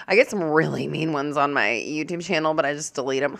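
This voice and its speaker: A woman streaming a live reaction to a podcast, chatting casually and quick to exclaim and swear. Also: sits low, creaky.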